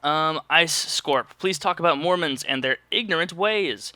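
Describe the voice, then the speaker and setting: A young man with a fairly high, sharp-toned voice vlogs for his viewers in a dry recording, speaking a little slowly. He answers their questions in a loose, joking, rambling monologue full of sarcastic asides.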